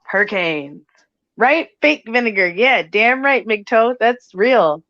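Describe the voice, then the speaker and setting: A woman's voice: a little high, expressive, slow pace, highs cut off. A woman in casual banter who talks in a bossy, teasing and insistent way.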